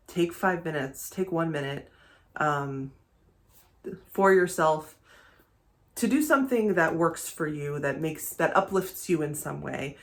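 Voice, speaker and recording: A young adult woman chatting casually in a vlog about her reading, rambling, self-deprecating and laughing often. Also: sits low. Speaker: book vlogger. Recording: echoey room.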